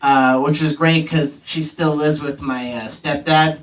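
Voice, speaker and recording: A man's voice: fairly high pitch, fairly even intonation, unhurried, fairly bright tone. A man opening a stand-up set, delivering jokes in a casual, offhand way. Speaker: stand-up comedian. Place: comedy club stage. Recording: distant mic in a club.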